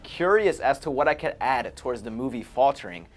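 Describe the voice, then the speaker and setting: A man talking casually to camera, reviewing a film in an animated, chatty way with frequent chuckles. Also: mid-range voice, fairly quick, faint music behind. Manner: animated, chuckling between remarks, conversational. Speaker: movie reviewer. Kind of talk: casual movie review commentary.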